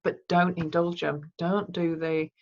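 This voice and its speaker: A woman's voice: lowish voice, little pitch movement, a little slow, highs cut off. A woman giving a training talk, conversational and acting out example phrases she would say to people.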